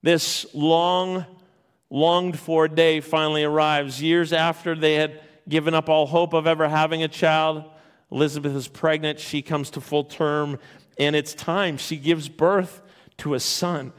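A man's voice: a little high, level tone, a little slow, smooth. A man preaching a sermon, retelling a Bible story with emphatic repetitions and frequent restarts. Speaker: pastor.

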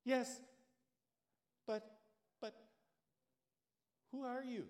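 A man voicing a panicked man hanging from a cliff, yelling and pleading in a high, strained voice. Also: little pitch movement, very slow, full character voice. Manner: frantic, high-pitched yelling.

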